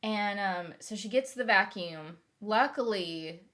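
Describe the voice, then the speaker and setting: A woman's voice: medium pitch, takes it slowly, a bit bright. A young woman telling a long personal story in a casual vlog, rambling with fillers and restarts. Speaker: vlogger.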